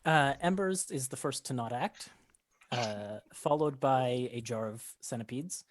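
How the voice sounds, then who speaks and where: A man's voice: medium pitch, a little slow, no room sound. A man narrating as game master of a tabletop game, describing scenes with many ums and restarts.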